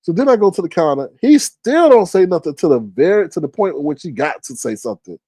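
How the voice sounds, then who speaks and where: A man hosts a casual livestream, chatting and storytelling in a gossipy, profane manner. His pitch leaps all over the place and his voice is warm and mellow. The sound is dry and close. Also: fast, breathy edge, no echo. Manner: animated, profane, gossipy, with big pitch jumps when quoting. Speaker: livestream host.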